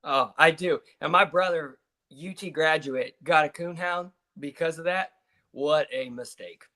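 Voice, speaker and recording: A man's voice: on the high side, measured pace, sharp tone. A man co-hosting a sports betting show, trading wry, self-mocking banter in casual chat. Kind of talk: casual live-stream chat.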